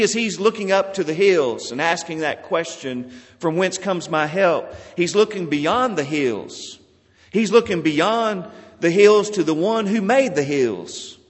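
A pastor preaching a sermon in a slow, measured way, lifting for emphasis and dropping soft at the ends of phrases. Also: male voice, on the high side. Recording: long reverb of a large hall.

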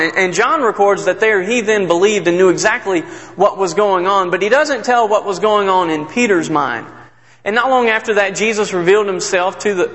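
A man preaching a sermon, retelling scripture with earnest, emphatic storytelling that drops low and soft at sad moments. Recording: long hall reverb.

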